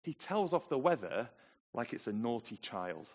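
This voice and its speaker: Lively English male preacher. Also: fairly low pitch, moderate pace. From England. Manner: lively storytelling, dramatic emphasis. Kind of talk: sermon.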